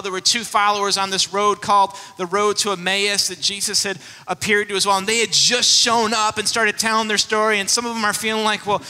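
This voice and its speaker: A pastor preaching to his congregation, a man who retells the scripture and gives each person in it a voice. His voice is high and strikingly bright. It rings out with the long reverb of a big hall. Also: clear, resonant tone. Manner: storytelling, acts out the voices in the scripture. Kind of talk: sermon.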